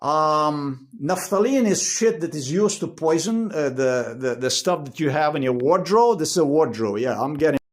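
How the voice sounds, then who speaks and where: A man's voice: fairly high pitch, expressive, normal speed, few pauses. A man, filming himself at home in an agitated, profane rant, repeating himself. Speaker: vlogger. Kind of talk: angry filmed rant. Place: inside his house.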